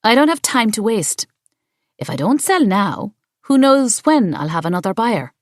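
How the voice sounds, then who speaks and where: A woman doing a brisk, pushy landlady. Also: fairly high pitch, very animated, dry recording, clean studio sound, pitched above the performer's own voice. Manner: brisk, businesslike, pressing.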